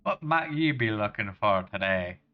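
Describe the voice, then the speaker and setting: A man voicing a tough male fist-fighting trainer in a put-on Scottish accent, with rough, clipped dialect. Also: lowish voice, expressive, moderate pace, muffled recording, natural voice. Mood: gruff.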